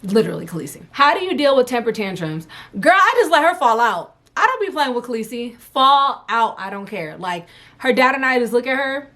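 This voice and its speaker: Casting: young woman, a relaxed and frank mom vlogger speaking casually at home, unscripted. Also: a little high, brisk. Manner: frank, candid, loose and chatty. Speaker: mom vlogger answering viewer questions. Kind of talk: casual chat.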